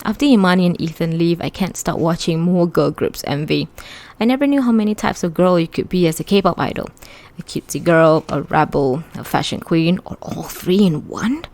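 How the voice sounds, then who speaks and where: A woman's voice: on the low side, expressive, a little fast, a little mellow. A woman reading a first-person audiobook aloud in a conversational, wry teenage-narrator delivery. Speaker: audiobook reader.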